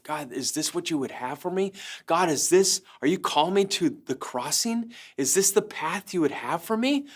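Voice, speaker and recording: A middle-aged man, a pastor, telling an earnest personal story with lively swings from excited highs to soft, low moments. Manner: earnest storytelling, voice rising when excited and dropping low for quiet lines. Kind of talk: personal testimony talk.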